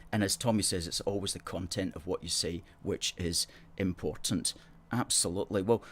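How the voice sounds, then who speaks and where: A middle-aged man hosting a live stream, chatting casually and playfully as he reads out viewer comments. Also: lowish voice. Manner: playful, chatty, self-mocking. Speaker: host.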